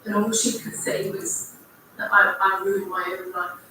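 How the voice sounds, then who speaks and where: Bright woman in echoey distant audio. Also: medium pitch, flat delivery, a little slow, slight background noise. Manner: dramatic storyteller acting out quoted lines. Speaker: interviewee recounting her story. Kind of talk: documentary testimony.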